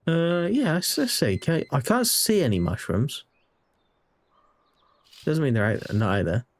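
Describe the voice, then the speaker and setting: A man's voice: on the high side, huge pitch swings, measured pace. Self-deprecating man streaming a game. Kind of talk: casual gameplay commentary.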